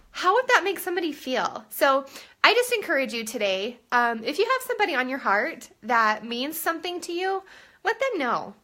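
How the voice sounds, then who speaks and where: A woman's voice: high-pitched, sharp tone. A woman in her thirties chatting on a live stream from home, rambling with lots of fillers, holding her phone at arm's length. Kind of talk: casual live-stream chat. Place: home room. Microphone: phone held at arm's length.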